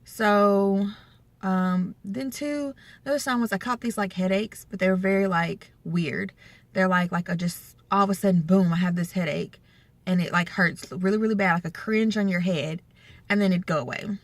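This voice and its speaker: A woman's voice: medium pitch, moderate pace, dry recording. A young adult woman talking casually to camera in a rambling, chatty vlog, full of fillers and asides. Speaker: vlogger.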